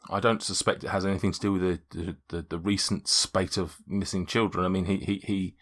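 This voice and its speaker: A man's voice: low voice, level tone, a little fast, fairly bright tone. A man voicing a plain middle-aged male farmer who stammers and trips over his words. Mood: matter-of-fact. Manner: stammering, tongue-tied.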